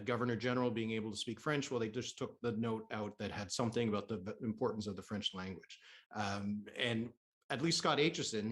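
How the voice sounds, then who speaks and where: A man hosting a political podcast, explaining in a measured, analytical way and slowing for emphasis. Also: lowish voice. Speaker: podcast host.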